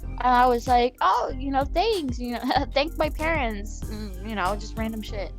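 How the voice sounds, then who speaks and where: A young woman on a casual podcast, telling a story in an animated rant full of swearing. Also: a little high, a little slow, over music. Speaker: podcast panel member.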